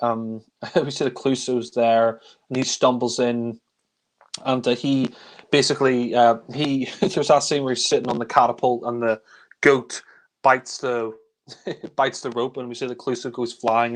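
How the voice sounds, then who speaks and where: A man reviewing films in a casual, rambling way, chuckling often and using many fillers. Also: mid-range voice. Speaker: film reviewer. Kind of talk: casual film discussion.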